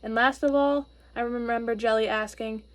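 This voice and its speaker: A woman reads a children's storybook aloud in an expressive, gentle way. She sometimes pauses to explain things to her listeners. Her voice sits fairly high.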